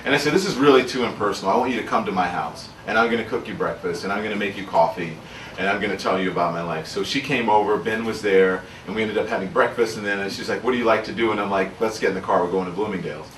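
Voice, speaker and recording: Recorded from a distance in a roomy space with faint ambience and a little hiss or hum, a Louisiana man talks at a book signing. The author's fairly low, fairly bright voice moves quickly as he shares his story with the audience, earnest and reflective.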